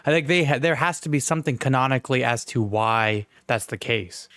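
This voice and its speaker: A man chats through a film recap on a podcast, jumping into quick voices for the characters as he retells scenes. His pitch swings high and low, and the sound is dry and close with no room around it. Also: fairly bright tone, no room sound. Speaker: podcast co-host. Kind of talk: casual movie review chat.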